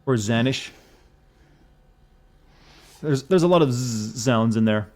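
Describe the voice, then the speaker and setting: A man's voice: mid-range voice, takes it slowly, darkish tone. A man streaming a video game, making joking, irreverent, rambling commentary as he plays. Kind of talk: casual gameplay commentary.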